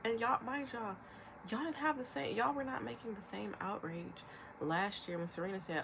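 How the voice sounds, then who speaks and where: Young woman, ranting vlog, animated, medium pitch, noisy recording. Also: gravelly. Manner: emphatic, rapid-fire, animated with imitated quotes. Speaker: vlogger. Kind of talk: ranting commentary.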